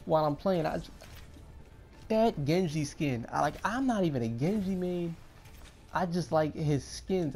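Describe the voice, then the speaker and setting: A young man giving excitable gameplay commentary, often repeating himself. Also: on the high side, gravelly. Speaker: gaming YouTuber.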